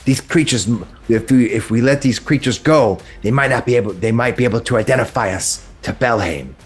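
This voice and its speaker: A man's voice: medium pitch, a little fast, husky, lightly acted. A man voicing a worried male kobold tunnel runner who speaks formally and fretfully.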